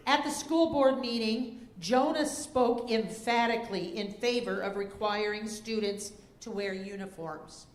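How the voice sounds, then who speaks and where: A woman serving as a spelling bee pronouncer, reading words and definitions deliberately, spelling letters out slowly, and giving stage directions to contestants. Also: on the high side. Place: school auditorium. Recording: echoey auditorium with faint noise.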